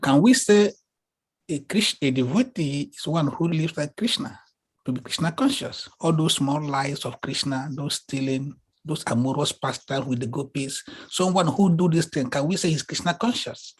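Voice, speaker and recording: Moderator, husky voice, earnest questioning. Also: medium pitch, moderate pace.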